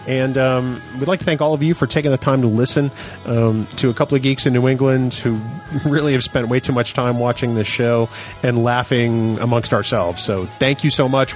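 A man co-hosting a podcast in casual, joking chat, often pausing with fillers. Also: medium pitch. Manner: relaxed, joking, hesitant with fillers. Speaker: podcast co-host.

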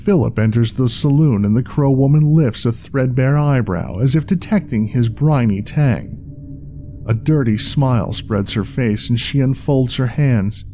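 A man narrating a dark tale in a measured, dramatic scripted reading. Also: medium pitch, soft background music.

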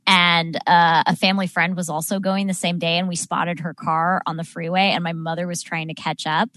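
A woman's voice: lowish voice, little pitch movement, fairly bright tone, no echo. A woman co-hosting a live podcast, chatting casually and laughing easily, on a close, dry microphone. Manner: giggly, chatty, quick to laugh. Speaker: podcast co-host. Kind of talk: casual live-stream chat.

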